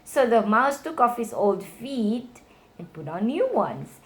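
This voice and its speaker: A woman reading children's storybook tales aloud to her nephew, voicing the characters with high squeals. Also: very animated, slow pace.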